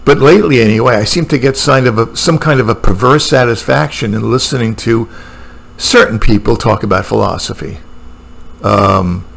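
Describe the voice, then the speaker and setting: Gravelly-voiced man musing aloud. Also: mid-range voice, moderate pace, fairly bright tone. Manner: musing, with frequent fillers and restarts. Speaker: booktuber talking about philosophy. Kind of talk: casual spoken monologue. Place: room at home with a computer and a painting.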